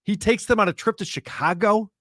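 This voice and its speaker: A man co-hosting a podcast, telling a true crime story in an animated, joking way and laughing often. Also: high voice, brisk, dry recording, clean studio sound. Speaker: podcast co-host. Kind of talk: casual storytelling chat about true crime.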